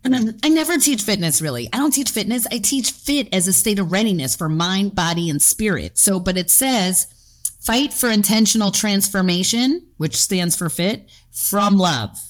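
A woman's voice: medium pitch, lively intonation, moderate pace, few pauses. A woman around fifty, a fitness coach and gym owner, talking candidly in an interview, acting out her inner voices and swearing freely.

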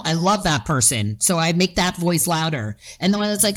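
Woman, about fifty, lowish voice, animated, acts out voices, swears freely, interview guest. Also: moderate pace. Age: around 50. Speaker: guest, fitness coach and gym owner. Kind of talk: candid podcast interview.

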